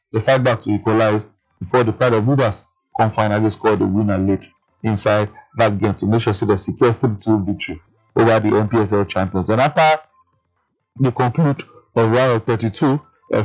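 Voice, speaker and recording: A man's voice: medium pitch, poor audio. A man from Nigeria with a Nigerian Pidgin accent, presenting a chatty, opinionated sports news roundup with frequent fillers.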